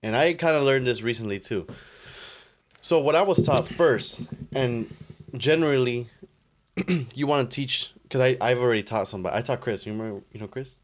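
A man's voice: mid-range voice, moderate pace. A young man co-hosting a podcast, laid-back in casual chat, explaining things step by step with lots of "like". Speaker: podcast co-host.

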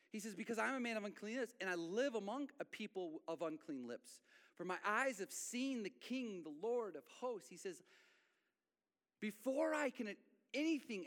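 A man's voice: high-pitched, a bit bright. A man preaching a conversational sermon as pastor, acting out little everyday scenes as he goes. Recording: long hall reverb.

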